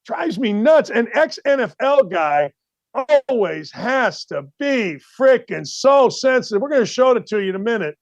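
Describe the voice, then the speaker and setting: A middle-aged man hosting a sports talk show, ranting in a blunt, exasperated way. His voice sits high for a man and cuts through sharply. The studio sound is close and dry, with no room echo. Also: lo-fi sound. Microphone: studio mic facing camera.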